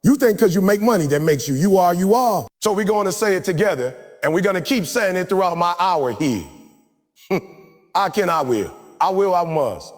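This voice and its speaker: Man, motivational speaker, preaching, call-and-response chanting, lively swooping delivery, long hall reverb, faint music underneath. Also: high-pitched, moderate pace. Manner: forceful, repetitive exhortation. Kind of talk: live motivational speech. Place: large hall with an audience.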